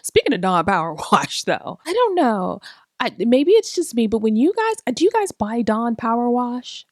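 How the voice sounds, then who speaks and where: A woman's voice: on the high side, sing-song, moderate pace, dry recording, clean studio sound. Laughing, self-mocking woman podcaster. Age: 40s. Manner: loose and profane, with rhetorical questions. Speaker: podcast host. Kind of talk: casual comedic podcast monologue.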